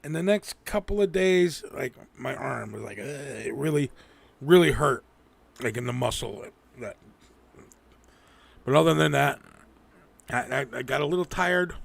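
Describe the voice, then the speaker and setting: A man hosts a casual livestream, rambling and swearing freely with frequent restarts. His gravelly, medium-pitched voice is expressive, and he speaks at a measured pace with frequent pauses.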